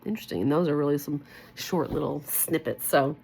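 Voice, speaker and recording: A woman's voice: deep voice, fairly quick, gravelly, warm tone, husky. A woman reading a book aloud to her camera, stopping to comment in a giddy, affectionate, sing-song way. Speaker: book reader and vlogger. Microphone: facing her own camera.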